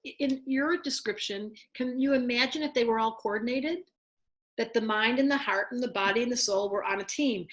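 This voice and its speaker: A woman astrologer giving a lively spiritual talk to a group and acting out inner voices as she goes. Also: fairly high pitch, fairly quick. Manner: animated, acts out inner voices. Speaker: astrologer teaching a workshop.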